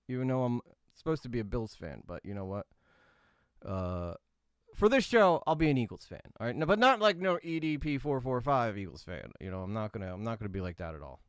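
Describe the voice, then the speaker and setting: A man's voice: medium pitch, clean tone, no echo, studio quality, lightly acted. A man impersonating a brash boastful YouTuber. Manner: cocky, rambling, repeats "all right?". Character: brash boastful male drama-news YouTuber. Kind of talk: comedic impression.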